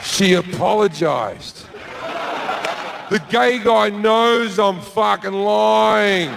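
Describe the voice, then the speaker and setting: Australian man, stand-up comedian, profane, brash, high-pitched, on stage. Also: extremely slow, gravelly, crowd noise, noisy background. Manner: profane, brash storytelling, swings into shouting.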